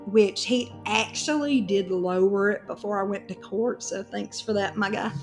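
A woman's voice: mid-range voice, fairly even intonation, measured pace, hardly any pauses, soft background music. A woman telling a personal story in casual chat, acting out both sides of the dialogue.

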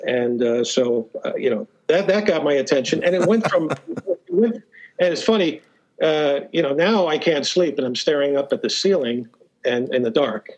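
A man with a slightly high voice tells stories in a casual interview. He hesitates often, restarts his sentences and fills gaps with "uh", and chuckles now and then. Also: normal speed, darkish tone, poor audio. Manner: hesitant, many fillers and restarts; chuckles while telling stories. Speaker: podcast guest, author.

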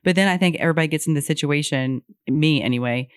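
Low-voiced woman in casual chat. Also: quick pace, clear, resonant tone, no echo, clean studio sound. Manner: self-deprecating, animated when quoting others. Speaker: podcast co-host.

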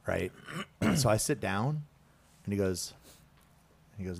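Animated, profane man telling war stories. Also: lowish voice, takes it slowly, gravelly, pauses often, breathy edge. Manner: profane, animated storyteller who acts out quoted voices. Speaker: podcast co-host; Marine veteran. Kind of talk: casual storytelling.

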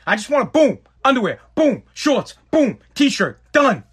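High-voiced man ranting on a podcast. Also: very animated, measured pace, a bit bright, husky. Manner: exasperated, emphatic, repetitive ranting. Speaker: podcast host. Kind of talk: casual podcast rant.

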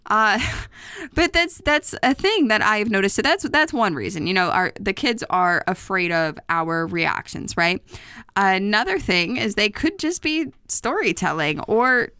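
A woman in her thirties, co-hosting a casual parenting chat, chatty and quick to laugh. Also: mid-range voice, animated, sharp tone, smooth, no room sound, clean studio sound. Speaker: podcast co-host.

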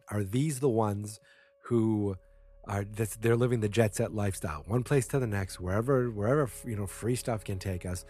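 Speaking in a fairly low, slightly mellow voice, this man gives a casual spoken recap of a TV episode. He rambles, using fillers and restarting sentences, and acts out characters' lines with small voice changes.

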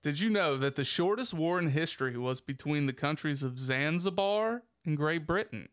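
A man's voice: fairly high pitch, animated, normal speed, clean tone, no room sound, clean studio sound. A man co-hosting a podcast, chatting casually and joking around with lots of laughter. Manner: joking, laughs often, profane. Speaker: podcast co-host. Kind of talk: casual chat.

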